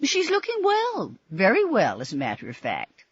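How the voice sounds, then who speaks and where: A woman's voice: medium pitch, huge pitch swings, normal speed, husky, dry recording, lo-fi sound, voice pushed up. A woman voicing a querulous, bitter elderly woman patient who complains and accuses. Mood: gossiping. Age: older.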